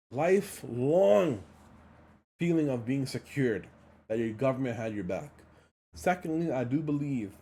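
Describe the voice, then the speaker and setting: A man's voice: medium pitch, warm tone. A man livestreaming a heated, blunt monologue, swearing often and repeating phrases for emphasis. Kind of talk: casual ranting monologue.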